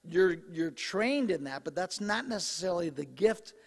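A man preaching from the pulpit, his pitch sitting high for a male voice and a little hoarse. He talks to the congregation in a loose, joking way. The sound carries the long reverb of a church sanctuary. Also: expressive, moderate pace. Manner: conversational, joking asides. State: slightly hoarse, clearing throat. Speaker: pastor. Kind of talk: sermon.

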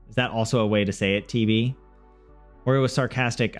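A man's voice: medium pitch, brisk. A man learning a language on a casual livestream, thinking aloud to his viewers with many restarts and self-corrections. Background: soft game music.

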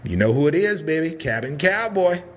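Moving around inside a wooden cabin, a man hosts a hyped live sales stream, touring the place with hype-man catchphrases and sudden whoops. His voice sits a little high, swings widely in pitch, and keeps a moderate pace.

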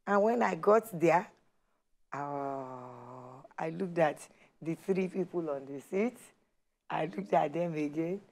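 A woman's voice: low voice, slow pace. A woman telling her personal story on a talk show, acting out the dialogue as she goes. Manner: animated storyteller, acts out quoted dialogue. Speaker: guest sharing her testimony.

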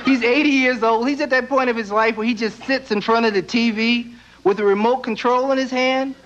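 Very high-voiced young stand-up comic. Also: male voice, brisk. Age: young adult. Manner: deadpan asides, sudden silly character voices. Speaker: stand-up comedian. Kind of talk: stand-up comedy routine. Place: TV studio stage before live audience. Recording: dull VHS broadcast audio with loud audience.

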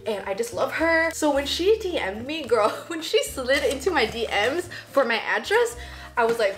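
Casting: bubbly, chatty woman YouTuber in her twenties, high, lively voice, echoey room with faint music. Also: moderate pace. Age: 20s. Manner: bubbly, chatty, giggly, emotional asides. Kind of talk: casual unboxing vlog.

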